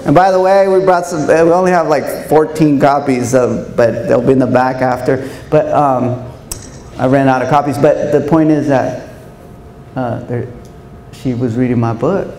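A man giving a storytelling speech to an audience of educators in a large hall, speaking in an animated way and acting out quoted voices. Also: medium pitch, moderate pace. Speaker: keynote speaker. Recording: echoey hall, faint room noise.

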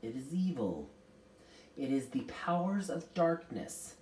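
A woman voicing an ancient, stern and weary female otherworldly being who speaks slowly and solemnly. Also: rumbling low, big pitch swings, darkish tone, full character voice. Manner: slow, solemn, commanding. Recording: roomy, distant mic.

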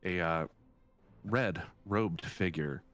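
A man narrating a tabletop game as game master, relaxed and halting, with many fillers. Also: low-pitched, soft background music.

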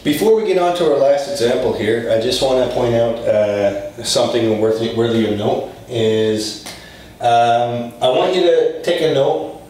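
A man giving a relaxed, chatty Spanish lesson, explaining with lots of fillers and acting out little example dialogues. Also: medium pitch. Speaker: Spanish teacher. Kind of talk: casual language lesson. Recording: very echoey room, mic set far off, faint noise.

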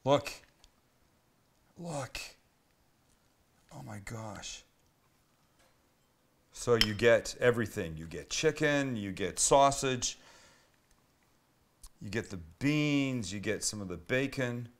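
A man's voice: mid-range voice, animated, slow, long pauses, low-quality recording. A man hosting a casual cooking demonstration, chatty and enthusiastic as he walks the viewer through each step. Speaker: cooking show host.

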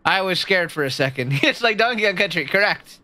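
A woman streaming a video game, chatting casually with her viewers and jumping into a high, squeaky voice when she gets excited or nervous. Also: brisk. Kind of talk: casual gameplay commentary.

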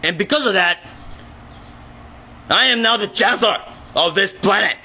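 A man filming himself in an agitated, profane rant that often breaks into shouting. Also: high voice, lively intonation, normal speed, creaky, slightly rough. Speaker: vlogger. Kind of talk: angry self-filmed rant.

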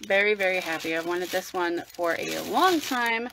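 A woman vlogging a makeup unboxing livestream, gushing and excitable, sometimes dropping to a whisper. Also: on the low side, moderate pace, a little hiss or hum, low-quality recording. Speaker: beauty vlogger.

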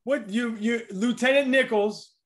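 A man's voice: very high-pitched, unhurried. A man interviewing a guest, who stammers as he reacts with amazement. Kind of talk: casual interview chat.

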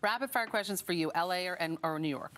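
A woman's voice: on the low side, very noisy. Upbeat woman hosting morning TV. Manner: upbeat, teasing, quick questions. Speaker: morning TV interviewer. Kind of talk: breakfast TV interview. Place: TV studio.

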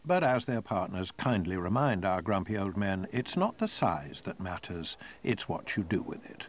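A man's voice: deep voice, very animated, moderate pace, a little hiss or hum. Wry male voice-over narrator.

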